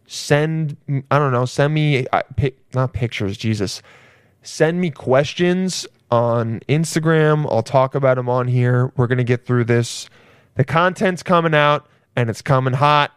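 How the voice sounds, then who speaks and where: A man's voice: medium pitch, unhurried, clean tone, no echo, clean studio sound. A man hosting a podcast in casual chat, rambling loosely and swearing freely. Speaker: podcast host.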